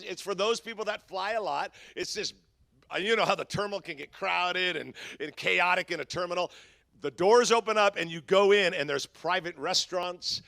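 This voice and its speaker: Middle-aged male pastor, high bright voice, lively storytelling sermon. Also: creaky, dry recording. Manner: storytelling, animated and humorous.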